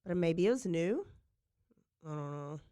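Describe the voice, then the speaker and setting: A woman's voice: lowish voice, animated, measured pace, warm tone, smooth, no room sound, studio quality. A woman hosting a podcast, casually retelling a true-crime case and saying "like" often. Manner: chatty, fills with "like" often. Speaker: podcast host.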